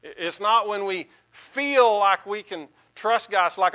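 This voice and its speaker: A man's voice: high voice, expressive, measured pace, hardly any pauses, pushed and bright, dull audio. A male pastor giving a sermon in an earnest, conversational way, with a folksy sense of humor.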